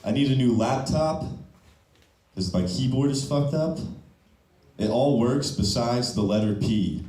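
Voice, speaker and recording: A man's voice: medium pitch, expressive, unhurried, dark tone. A young man doing open-mic stand-up with a loose, punchy delivery, often ending lines on "okay?", on a comedy club stage. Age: young adult. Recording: echoey room, mic from a distance.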